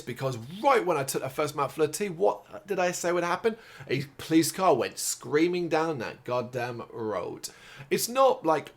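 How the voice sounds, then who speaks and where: A man from England talks off the cuff in a tired, rambling way, drifting from one tangent to the next. He swears casually, keeps losing his words and stops to pick them up again. His voice sits at an ordinary middle pitch. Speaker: host of a music and games review site. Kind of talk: unscripted casual monologue.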